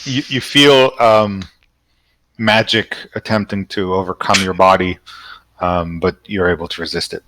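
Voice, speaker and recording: A man narrating as dungeon master, slow and hesitant with many fillers. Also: sits low, fairly even intonation, fairly bright tone, slight background noise, rough recording. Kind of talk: narrating a tabletop game.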